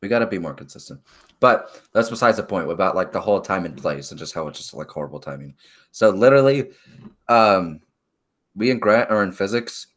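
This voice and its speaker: Teen guy on a podcast, kinda low voice but swings all over when he tells a story, lots of "like". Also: a little fast. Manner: animated storyteller, acts out voices, many fillers. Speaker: podcast co-host. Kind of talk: casual chat.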